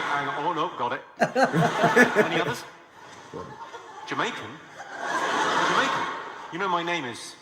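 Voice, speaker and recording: High, lively-voiced man doing stand-up crowd work. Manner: deadpan, quick, mocking. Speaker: stand-up comedian. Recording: loud noise, live audience hall.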